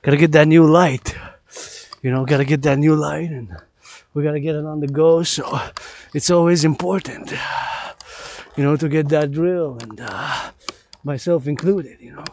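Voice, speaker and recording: Guy with a kinda high voice rambling on a mountain trail, says the same words again and again. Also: steady tone, normal speed, darkish tone. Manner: repeats words and phrases over and over. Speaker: vlogger. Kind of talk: rambling vlog monologue. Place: outdoors on a forested mountain trail.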